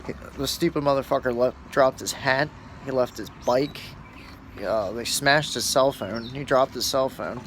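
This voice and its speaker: Casual talker: a man, blunt and foul-mouthed, rambling storytelling, middle pitch, faint background noise. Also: moderate pace, fairly bright tone. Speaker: store shift supervisor.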